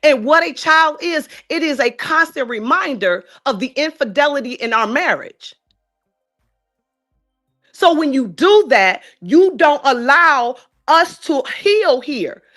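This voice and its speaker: Emphatic woman, slow and deliberate. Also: high-pitched, expressive, fairly bright tone, soft background music. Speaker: guest commentator. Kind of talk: live stream reality TV discussion.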